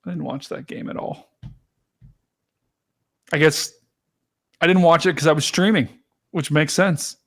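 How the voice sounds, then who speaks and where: An excitable man hosts a live weather stream, talking straight to his chat as he walks through radar scans. His voice sits a little higher than most men's, and his delivery is casual and chatty. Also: a little slow, pauses often. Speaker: livestream weather host. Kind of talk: live storm-tracking stream commentary.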